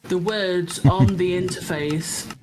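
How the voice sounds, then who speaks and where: A man's voice: high-pitched, fairly even intonation, slow pace. A man hosting a gaming stream in casual, rambling chat that is peppered with swearing. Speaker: streamer host. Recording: noisy background.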